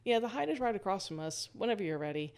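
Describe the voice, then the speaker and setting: A woman's voice: mid-range voice, sing-song, fast, a little mellow, clean tone. A woman voicing a weary, patient scent-detection dog that speaks in a dry, long-suffering, matter-of-fact way to its handler. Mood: exasperated.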